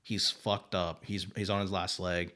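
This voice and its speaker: A man's voice: sits low, little pitch movement, measured pace, sharp tone. A man co-hosting a podcast, retelling a comic book story in a rambling, profane, filler-heavy way. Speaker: podcast co-host. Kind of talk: casual comic book recap.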